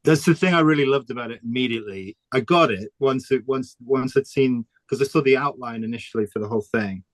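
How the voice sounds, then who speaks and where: A man, a comic artist talking casually in an interview, chatty and quick to laugh. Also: medium pitch, dry recording. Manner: chatty, laughs often, restarts sentences.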